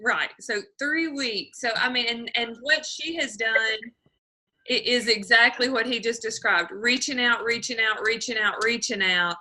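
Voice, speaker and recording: A woman's voice: fairly high pitch, normal speed, bright, forceful tone, rough recording. A woman hosting a motivational team call over video, encouraging and repeating her points. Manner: encouraging, repeats herself, quotes others.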